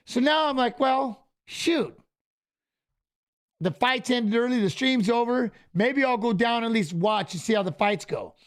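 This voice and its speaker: On a live stream fight watch-along, a middle-aged co-host tells casual stories in an extremely high voice at a moderate pace with hardly any pauses. Animated, he acts out quoted dialogue and keeps saying "I go."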